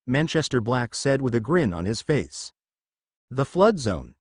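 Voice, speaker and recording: A man reading a fan story aloud in an animated storytelling manner on a close mic. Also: mid-range voice, unhurried, husky, no room sound. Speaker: fanfic narrator.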